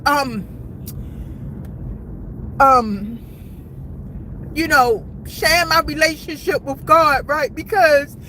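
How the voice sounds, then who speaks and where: High-pitched woman vlogger with a sharp, bright voice, ranting urgently to her viewers with a faint hiss behind her. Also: takes it slowly, long pauses, rough recording. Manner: repetitive, urgent, addresses viewers as guys. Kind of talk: emotional commentary to camera.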